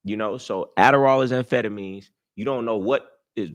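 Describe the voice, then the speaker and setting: A man's voice: lowish voice, moderate pace. Brash, profane young male stream host. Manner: brash, boastful, profane street talk. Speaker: livestream host. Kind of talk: casual live-stream advice talk.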